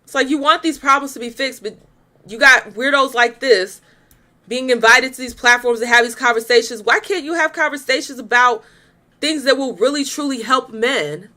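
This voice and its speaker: A young woman hosting a reaction video in a high, bright voice. She comments bluntly and with exasperation, swears freely and breaks into laughter. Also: moderate pace. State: pregnant.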